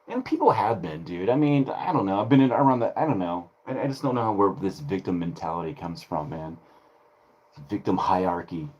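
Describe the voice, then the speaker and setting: A man's voice: low-pitched, expressive, a little fast, darkish tone, dull audio. A man ranting casually on his channel, rambling and profane. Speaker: streamer.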